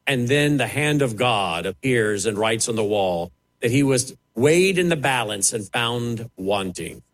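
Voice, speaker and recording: A man's voice: medium pitch, lively intonation, unhurried, a bit bright, rough recording. A man preaching, fiery and emphatic, mocking the voices he quotes. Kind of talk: preaching sermon.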